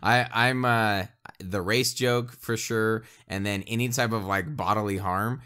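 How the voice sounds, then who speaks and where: A man co-hosts a casual movie review chat in a lowish, bright, resonant voice. He rambles, breaks off and restarts his sentences, and laughs often as he talks. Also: steady tone, a little slow, clean tone.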